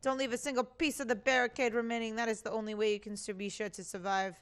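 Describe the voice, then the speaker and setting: A woman voicing a scheming, nihilistic male friar villain in a game, smooth and persuasive. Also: fairly high pitch, level tone, quick pace, close to an everyday voice.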